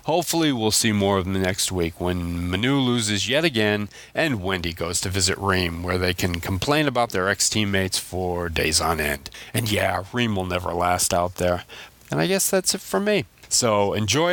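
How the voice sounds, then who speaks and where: Lively low-voiced male caller. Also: normal speed. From Louisiana. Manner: animated, wry. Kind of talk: prepared voicemail commentary.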